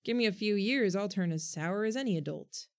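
A woman's voice: medium pitch, animated, a little fast, a little mellow, natural voice. A woman voicing a wry, guarded boy in a storybook reading, close to her own voice.

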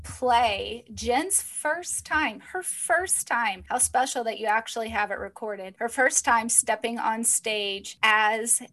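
A woman hosts a casual conversation in a slightly raised voice. She cheers her guest on with warm praise and reacts with quick, expressive surprise. Her speech is relaxed and conversational. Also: a little high. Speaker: host. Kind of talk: casual chat.

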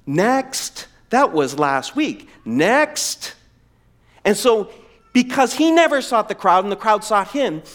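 A middle-aged man preaching a sermon, emphatic and animated, slowing down for weight. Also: fairly high pitch. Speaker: pastor.

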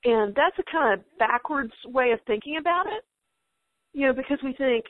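A woman's voice: high-pitched, expressive, normal speed, no room sound. A middle-aged woman giving an encouraging Christian talk to homeschooling mothers, reassuring and quoting scripture. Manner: warm, reassuring, quotes scripture. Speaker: guest speaker. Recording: tinny phone-like line, dry.

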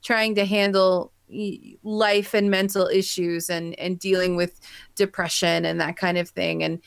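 A woman co-hosting a podcast, chatting in a gushing, animated way. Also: fairly low pitch, a little slow, gravelly, clear, resonant tone, no echo, studio quality. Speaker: podcast co-host. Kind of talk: casual chat.

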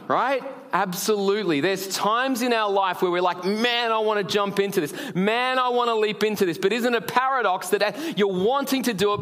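Man, 40s, from Australia, pastor; high voice, storytelling sermon full of "uh"s. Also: fairly bright tone. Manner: storytelling, frequent "uh" fillers, asks the audience.

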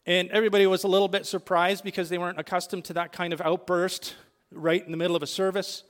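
A man's voice: sits high, little pitch movement, quick pace, big-room sound. A male pastor preaching a sermon, asking the congregation questions and building emphatic lists.

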